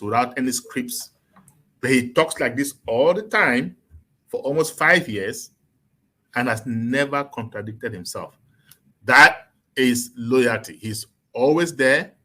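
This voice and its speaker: A man's voice: medium pitch, pushed and bright. A man speaking earnestly and with emphasis as a guest in an online panel discussion.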